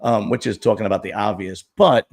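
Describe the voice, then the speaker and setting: A man's voice: lowish voice, a little fast, darkish tone. A middle-aged man hosting a casual chat, talking bluntly and joking crudely. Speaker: host.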